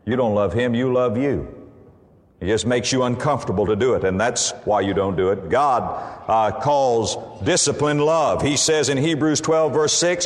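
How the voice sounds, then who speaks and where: A man's voice: mid-range voice, normal speed, long reverb tail. A man preaching a sermon, building to emphatic bursts and quoting scripture as he goes. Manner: preaching with rising emphatic bursts and Bible quotations. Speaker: pastor.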